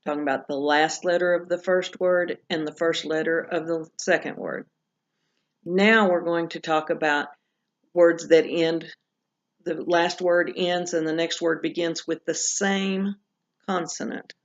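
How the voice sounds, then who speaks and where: A woman teaching pronunciation in a recorded lesson, patiently walking through examples and repeating each one slowly. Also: on the low side, fairly even intonation. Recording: dull lo-fi recording.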